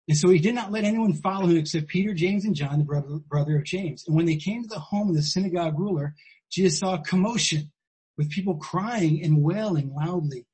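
Husky, fairly high-voiced man preaching; conversational and emphatic, repeats key lines. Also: a little fast, warm tone, rough recording. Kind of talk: sermon.

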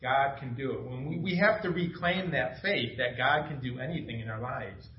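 A man's voice: mid-range voice, normal speed, slight background noise. A middle-aged man preaching an informal, conversational sermon, self-deprecating and asking the room questions. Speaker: pastor. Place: small church room. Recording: echoey room from far off, dull sound.

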